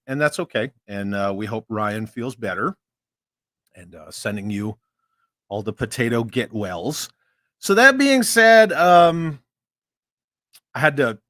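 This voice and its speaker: Male host, casual and rambling, mid pitch, dry close recording. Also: a bit bright, dry recording. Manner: easygoing, rambling with many fillers. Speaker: podcast host. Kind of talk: casual chat.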